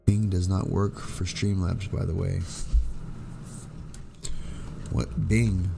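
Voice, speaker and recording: A man's voice: low-pitched, level tone, slow, vocal fry, over music. A man chatting casually on a live stream from home, answering his viewers' messages, with a slight sore throat and an occasional cough. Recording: noisy stream audio.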